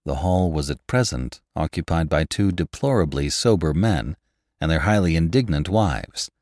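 A man narrating a classic novel in an expressive, measured reading. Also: very deep voice, no room sound, studio quality. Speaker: audiobook narrator.

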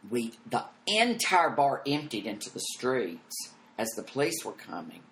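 A man telling stories as an interview guest, animated and profane, acting out every quote. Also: mid-range voice, measured pace. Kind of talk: casual storytelling.

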